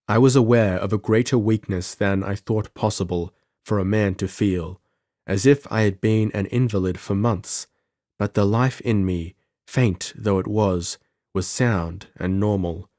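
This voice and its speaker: Man, audiobook narration, measured and steady, lowish pitch, dry close mic. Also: no room sound. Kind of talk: scripted narration.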